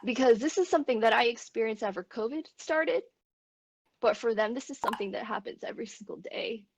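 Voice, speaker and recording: A woman's voice: fairly high pitch, fairly quick, slight background noise, low-quality recording. An American woman streamer speaking in an earnest, heartfelt, rambling way, openly emotional as she talks. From United States. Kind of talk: earnest casual discussion.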